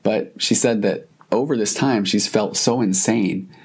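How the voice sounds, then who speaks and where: Gravelly, husky man hosting a podcast. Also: fairly low pitch, a little slow. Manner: earnest and reassuring, speaks directly to the listener. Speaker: podcast host. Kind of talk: reflective podcast monologue.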